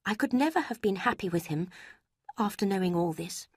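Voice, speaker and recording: A woman voicing an emotional, remorseful young woman with a high, slow, heartfelt delivery. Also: expressive, husky, no room sound, studio quality. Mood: earnest, remorseful.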